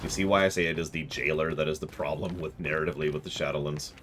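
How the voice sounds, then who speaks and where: A man's voice: very deep voice, steady tone, fast talker, background noise. A man streaming a video game, rambling and joking about game lore in casual chat.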